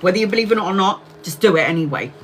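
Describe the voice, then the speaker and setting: A woman's voice: mid-range voice, rapid-fire, fairly bright tone, slight background noise. A woman in her forties, a tarot reader hosting a casual livestream, telling a story in a chatty way, laughing often, swearing freely and acting out what people said. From Brazil. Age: 40s.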